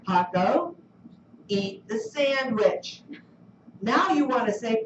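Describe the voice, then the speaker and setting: High-voiced woman teaching a class. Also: expressive, slow, slight background noise. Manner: questioning, coaxing students. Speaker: Spanish teacher. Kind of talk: classroom lesson. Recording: roomy, distant, dull classroom recording.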